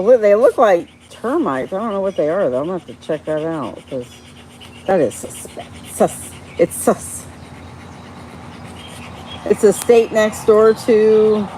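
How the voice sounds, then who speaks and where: A woman hosting a casual live stream, chatting warmly with viewers by name and laughing often. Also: medium pitch, a little hiss or hum. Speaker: livestream host reading viewer chat.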